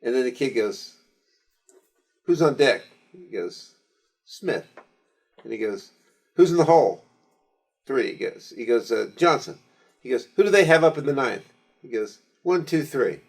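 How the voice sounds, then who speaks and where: A man's voice: mid-range voice, lively intonation, measured pace, gravelly, long pauses. A man co-hosting a podcast, animatedly retelling scenes from a movie. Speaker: podcast co-host. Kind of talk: casual chat about movies.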